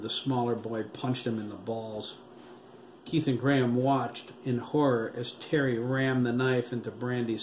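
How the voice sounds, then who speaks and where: A man's voice: mid-range voice, a little mellow, reverberant, a little hiss or hum, poor audio. Man reading a horror audiobook. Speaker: author and audiobook narrator. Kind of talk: audiobook narration.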